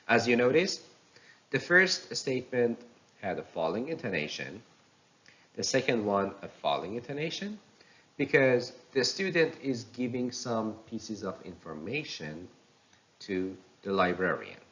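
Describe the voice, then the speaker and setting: A man teaching pronunciation in a recorded lecture, explaining slowly and reading example sentences aloud. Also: fairly low pitch, sing-song, a bit bright, muffled recording.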